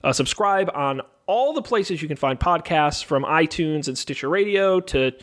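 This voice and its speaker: A man hosts a casual podcast, his voice sitting a little high for a man. He chats and jokes easily, then moves smoothly into the plugs and sign-off. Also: expressive, moderate pace, fairly bright tone. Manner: chatty, joking, runs show plugs. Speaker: podcast host.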